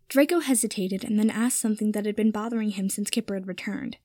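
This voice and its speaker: A young woman reads fan fiction aloud like storybook narration, then signs off with chatty, rambling asides. Her mid-range, darkish voice moves briskly with vocal fry and hardly any pauses. The studio sound is clean, with no echo.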